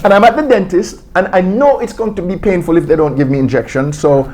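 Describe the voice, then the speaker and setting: A man's voice: high voice, brisk, darkish tone. A man telling stories as an interview guest, acting out quotes and laughing often. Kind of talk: storytelling interview.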